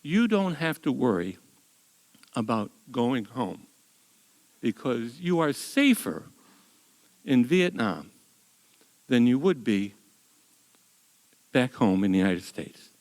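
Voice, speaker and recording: A man's voice: mid-range voice, very animated, slow pace, pauses often, a little mellow, low-quality recording. Older man quoting a stern, blunt army colonel.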